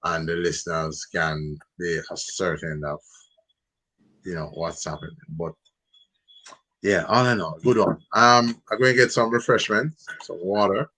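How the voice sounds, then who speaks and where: A man co-hosting a football live stream, speaking in a measured, careful way to the audience. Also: low-pitched, fairly even intonation, pushed and bright, no echo, rough recording. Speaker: livestream co-host. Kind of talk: casual live stream commentary.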